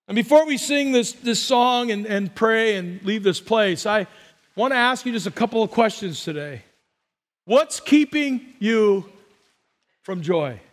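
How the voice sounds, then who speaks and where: A man preaching a sermon as pastor, telling stories and acting out voices, swinging between soft and loud. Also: high-pitched, lively intonation, unhurried. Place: church sanctuary. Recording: long reverb of a large hall.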